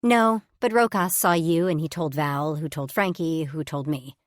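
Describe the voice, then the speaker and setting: A woman's voice: low voice, moderate pace, dry recording, studio quality, lightly acted. A woman voicing a bubbly, nosy young woman who eagerly wheedles for gossip in an audiobook. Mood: eager teasing.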